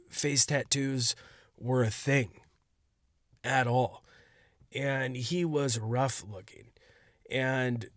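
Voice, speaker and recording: A man's voice: mid-range voice, dry recording, clean studio sound. A man hosting a solo podcast as a stand-up comedian, telling a casual story in a loose, rambling way. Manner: rambling, laid-back, heavy on "like".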